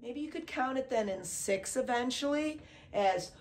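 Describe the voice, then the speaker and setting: Over loud music, a woman with a high, expressive voice teaches drums at normal speed in a relaxed way. She shouts the beats over the kit, peppers her talk with "okay?", and the drumming runs underneath.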